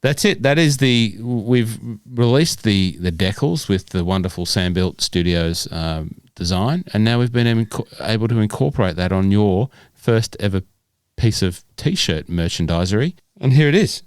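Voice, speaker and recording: Low-voiced man co-hosting a chatty podcast. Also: lively intonation, moderate pace, a little mellow, clear, resonant tone, no room sound, clean studio sound. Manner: jokey, stumbles and restarts when reading aloud. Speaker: podcast co-host. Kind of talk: casual podcast chat.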